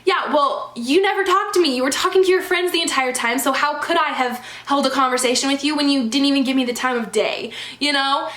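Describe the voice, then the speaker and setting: A woman's voice: high-pitched, a little fast, hardly any pauses, fairly bright tone. A young adult woman telling storytime vlog stories in a chatty, exasperated way, with lots of "like" fillers. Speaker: vlogger. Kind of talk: storytime vlog, casual chat. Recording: echoey room.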